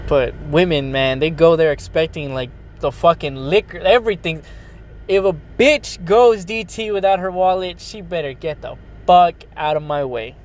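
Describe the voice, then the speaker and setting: A man's voice: a little high, slight background noise. A young man, a rapper, delivering a bitter, profane rant full of sarcasm and mocking impressions, recorded outdoors near a road. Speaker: rapper and vlogger. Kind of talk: ranting monologue.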